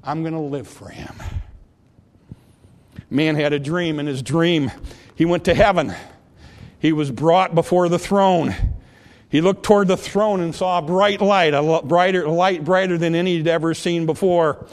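Here a man's slightly high voice holds a steady tone at a normal speed. He is a pastor giving a sermon in the church sanctuary, repeating earnest questions to the congregation before moving into an altar call and prayer.

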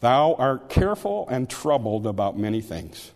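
A man's voice: mid-range voice, very animated, moderate pace, darkish tone, long reverb tail. A man preaching a sermon in an earnest, conversational way, often restarting his words.

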